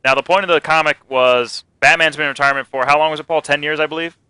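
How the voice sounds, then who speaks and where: A man's voice: fairly high pitch, fairly even intonation, fast talker, sharp tone, clean tone, no room sound, rough recording. A man co-hosting a casual comic and movie news show, rambling, joking and swearing. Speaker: podcast co-host.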